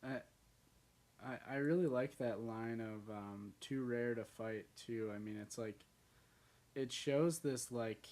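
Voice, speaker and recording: A man co-hosting a podcast, talking in a hesitant, soft-spoken way with many "like"s and "um"s. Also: mid-range voice, slow. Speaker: podcast co-host. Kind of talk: casual chat.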